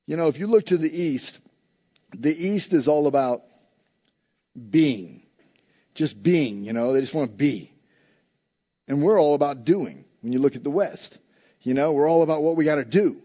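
A pastor preaching a sermon in an emphatic, repetitive cadence. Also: male voice, fairly high pitch, expressive, moderate pace, pauses often, dark tone, muffled recording.

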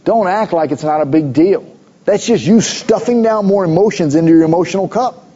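A middle-aged male pastor preaching with a mellow, slightly husky voice that sits a bit high for a man. He shifts between easy storytelling and urgent appeals to the congregation. The recording sounds dull and lo-fi. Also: a little fast. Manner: conversational storytelling, emphatic exhortations. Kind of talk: sermon.

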